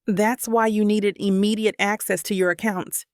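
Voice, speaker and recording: A woman voicing a troubled wealthy man who speaks in a low, measured, pained way. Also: flat delivery, clear, resonant tone, no echo, clean studio sound, natural voice. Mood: earnest.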